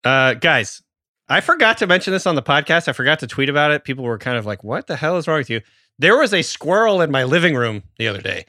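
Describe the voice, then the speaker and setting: A man's voice: a little high, big pitch swings, fast talker, bright, forceful tone, dry recording, clean studio sound. A man in his thirties co-hosting a podcast, telling a story in casual chat and swearing freely. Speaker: podcast host.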